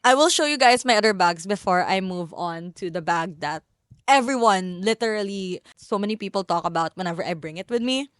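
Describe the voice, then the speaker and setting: A young Filipino-accented woman talks in a bubbly, gushing way. Her voice is smooth and clear, and the sound is close and dry with no room around it. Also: medium pitch, animated, fairly quick, dry recording. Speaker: vlogger. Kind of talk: casual haul vlog.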